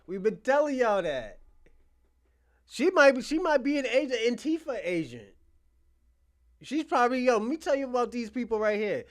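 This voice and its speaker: A man's voice: extremely high pitch, normal speed, pauses often. A man hosting casual commentary on clips, laughing often and swearing freely. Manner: laughing often, profane, animated. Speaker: host.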